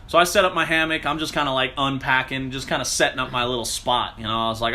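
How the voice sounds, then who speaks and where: A man recounting a story in casual chat, animated and profane, jumping into the voices of the people he quotes. His voice is bright and forward, with an ordinary middle pitch. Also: rapid-fire.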